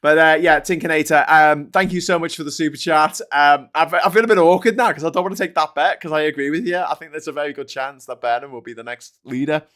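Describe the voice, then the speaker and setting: A man's voice: fairly high pitch, fast, hardly any pauses, a bit bright. Scouse guy rambling on his live stream, chatty, lots of ums. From Liverpool, England. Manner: rambling, chatty, frequent fillers and laughs. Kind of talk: casual live-stream chat.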